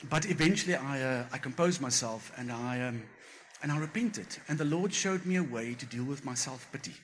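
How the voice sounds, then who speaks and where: A man's voice: mid-range voice, expressive, brisk, a little hiss or hum. A man preaching a sermon, telling a personal story and acting out the voices he quotes. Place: church.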